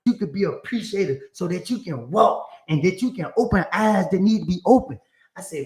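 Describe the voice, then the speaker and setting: A man's voice: a little high, lively intonation, moderate pace, pauses often, darkish tone, reverberant. A man telling a long story about praying in jail, acting out his talks with God in a preachy, emphatic way. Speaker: commentator in a played clip. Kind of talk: storytelling monologue.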